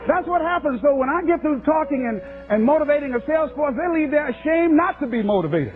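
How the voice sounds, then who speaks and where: A man's voice: very high-pitched, lively intonation, fast talker, few pauses. A man giving a motivational speech, emphatic and repeating key phrases in rhythmic lists. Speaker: motivational speaker. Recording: dull lo-fi recording with background music.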